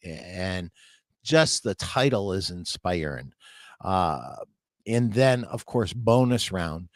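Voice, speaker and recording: Slow, measured older man advising. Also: medium pitch, no room sound. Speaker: show host and retail consultant. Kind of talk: live Q&A talk show.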